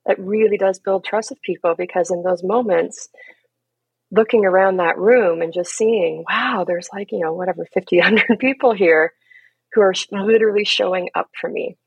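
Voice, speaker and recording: Speaking at a moderate pace, this gentle, earnest coach guests on a podcast, laughing between reflective thoughts and often saying "you know" and "right?" She has a husky, gravelly, somewhat low voice, captured in a close, dry, lo-fi recording with no surrounding room.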